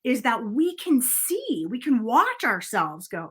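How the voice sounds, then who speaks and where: A middle-aged woman speaking to camera as a coach, calm and earnest, often checking in with "okay?". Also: on the high side, a little slow, breathy edge.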